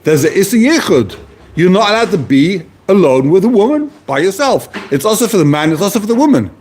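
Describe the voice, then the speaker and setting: A man's voice: high voice, big pitch swings, a little fast, a little mellow, a little hiss or hum. A man teaching a text class, posing questions and answering them, repeating key phrases as he explains. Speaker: Talmud teacher. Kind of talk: lively explanatory lecture.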